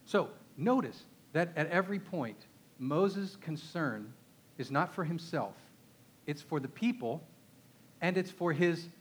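A man with a Texan accent delivers a sermon in an easy, talking style. His voice sits slightly high, and he leans on key words and checks in with his listeners through quick questions. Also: slightly rough. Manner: conversational, emphatic, asks the audience rhetorical questions. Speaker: pastor.

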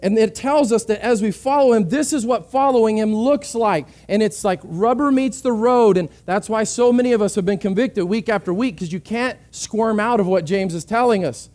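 A man's voice: high-pitched, normal speed, hardly any pauses, darkish tone. A male pastor preaching a sermon earnestly, often repeating words as he restarts.

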